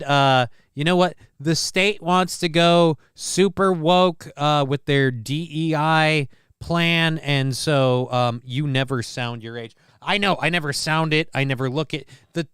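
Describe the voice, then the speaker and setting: Man forcing his voice deeper, dry and smooth. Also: fairly bright tone, no echo. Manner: deliberately pushing his voice lower than usual; rambling, self-mocking, with many restarts. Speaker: livestream show host. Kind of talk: casual chat. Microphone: desk mic on a mic arm.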